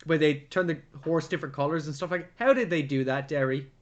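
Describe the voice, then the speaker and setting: A man co-hosting a casual film review podcast, retelling the plot in an animated way and swearing freely. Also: a little high, quick pace, highs cut off, noisy background. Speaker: podcast co-host.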